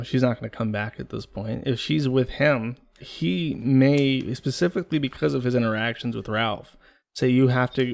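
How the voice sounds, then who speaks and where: A man with a gravelly voice gives casual stream commentary, blunt and sarcastic. His pitch sits in the middle, and he speculates freely. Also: darkish tone. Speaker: stream panelist.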